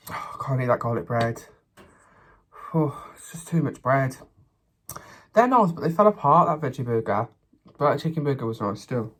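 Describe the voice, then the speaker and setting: A man's voice: medium pitch, animated, normal speed, long pauses. Chatty man eating on camera. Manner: chatty, sassy, talks with his mouth full. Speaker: mukbang vlogger. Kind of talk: casual chat while eating.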